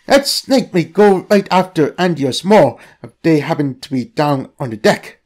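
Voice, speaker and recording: A man voicing an eager teenage boy adventurer who shouts excited warnings. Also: on the high side, moderate pace. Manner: excited exclamations.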